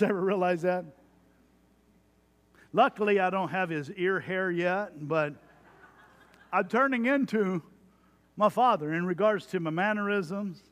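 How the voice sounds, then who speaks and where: A man in his forties from Texas preaching a sermon as pastor, animated, with lively asides about his own family. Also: high voice. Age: 40s. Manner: animated preaching, mimicking a parent's stock phrases.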